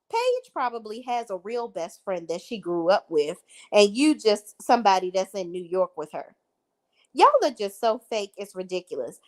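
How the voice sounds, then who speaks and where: Woman vlogger, sassy recap, very lively pitch, blunt takes. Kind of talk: reality TV recap commentary.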